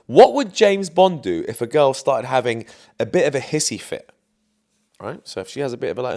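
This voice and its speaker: A man's voice: medium pitch, huge pitch swings, brisk, darkish tone. A young man telling a dating story to camera in a chatty, confident way, full of fillers. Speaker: dating coach.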